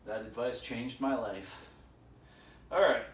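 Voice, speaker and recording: A man's voice: mid-range voice, unhurried. Man, casual workout vlog, rambling thoughts, echoey gym, distant camera mic. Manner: rambling, musing aloud between sets. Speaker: vlogger.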